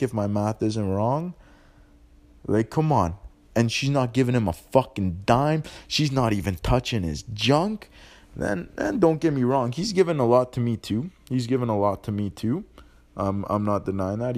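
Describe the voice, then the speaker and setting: A young man hosting a podcast, ranting bluntly in profane street slang. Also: medium pitch. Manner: animated, ranting. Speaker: podcast host. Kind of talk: casual monologue.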